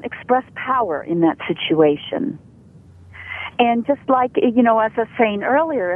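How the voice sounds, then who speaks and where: A woman's voice: a little high, breathy edge. A woman who is a guest on a radio show, talking earnestly and coaching the listener about the voice. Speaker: guest, sound healer. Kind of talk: radio interview over the phone. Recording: tinny phone line.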